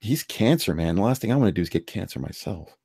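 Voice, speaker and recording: A man's voice: low-pitched, very animated, quick pace, creaky, warm tone, husky, no echo. A man hosting a live stream, giving blunt, rambling opinions in casual chat. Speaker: streamer hosting a call-in discussion.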